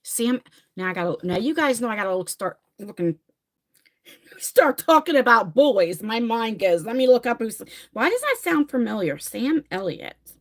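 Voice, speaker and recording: A woman's voice: fairly high pitch, big pitch swings, normal speed. A middle-aged woman from New Jersey with a New Jersey accent, chatting casually on a livestream, rambling and reading viewer comments aloud. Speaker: livestream host.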